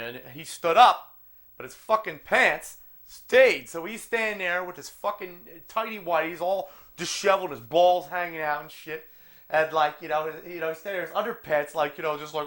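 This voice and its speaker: A man's voice: on the high side, fairly quick, fairly bright tone. A man from New Jersey telling a long casual anecdote among friends, rambling and swearing, full of "like" and "you know.".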